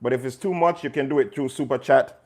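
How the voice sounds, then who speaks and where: A man's voice: medium pitch, quick pace, a little mellow. A man hosting a casual cooking livestream, chatting to viewers by name while he cooks in a kitchen. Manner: chatty, talks to viewers by name, pushes his cookbook. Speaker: chef and host.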